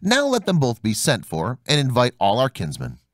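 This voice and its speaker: A man voicing a boastful, shrewd young craftsman in a storybook reading, in a measured, proud tone. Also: medium pitch, wildly swooping pitch, no room sound, studio quality. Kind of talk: storybook narration.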